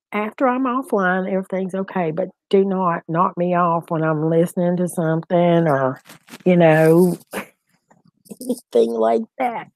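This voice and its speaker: A woman's voice: on the low side, a little mellow. A woman co-hosting a livestream, talking straight to her viewers in casual chat and laughing often. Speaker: livestream co-host. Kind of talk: casual live-chat talk.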